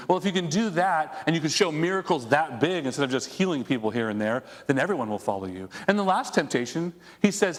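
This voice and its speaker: A man's voice: mid-range voice, animated, fairly quick, big-room sound. A man preaching a conversational sermon as a pastor, asking his congregation rhetorical questions. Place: church sanctuary.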